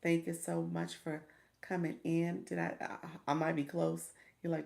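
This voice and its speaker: A woman's voice: lowish voice, flat delivery, measured pace, vocal fry, a little mellow. A middle-aged woman hosting a casual livestream, coaching viewers, chatting and greeting them by name, often stumbling over how to say their names. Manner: encouraging, coaching tone with repeated "okay?".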